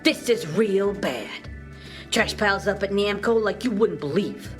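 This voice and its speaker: A woman's voice: medium pitch, lively intonation, unhurried, soft background music, close to an everyday voice. A woman voicing a sick, grumpy young male janitor who coughs and grumbles in slang. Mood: grumbling. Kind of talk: cartoon voice acting.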